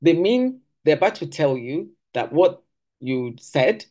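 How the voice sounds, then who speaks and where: Lively woman teaching at church. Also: a little slow. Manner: lively, acts out quoted phrases with big pitch jumps. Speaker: church speaker.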